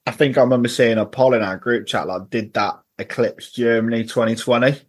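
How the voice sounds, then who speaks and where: A man talks as a guest on a podcast, telling stories from football trips in a loose, chatty way. His voice sits at an ordinary middle pitch, and he often laughs while he recounts things. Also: steady tone, fairly quick. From England. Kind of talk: casual storytelling chat.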